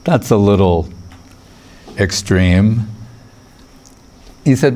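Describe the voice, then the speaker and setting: Male spiritual teacher, mid-pitched, slow deliberate lecture delivery, digressive, quotes Sanskrit. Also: a little mellow. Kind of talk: lecture on scripture.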